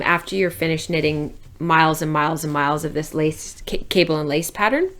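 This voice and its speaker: Low-voiced woman chatting about her knitting. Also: a bit bright. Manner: chatty, many ums and restarts, enthusiastic. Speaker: knitting podcast host. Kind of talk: casual show-and-tell chat.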